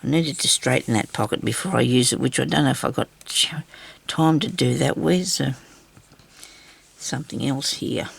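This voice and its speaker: A woman's voice: very deep voice, moderate pace, gravelly, husky. An Australian woman chatting in a casual, rambling way while she crafts and tells stories. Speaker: craft vlogger.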